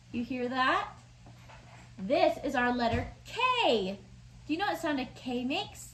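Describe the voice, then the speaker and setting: A woman teaching letters and sounds to young children in a slow, sing-song voice with exaggerated sounds. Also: fairly high pitch, big pitch swings, fairly bright tone. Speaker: preschool teacher. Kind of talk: online lesson for young children. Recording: echoey room with faint noise.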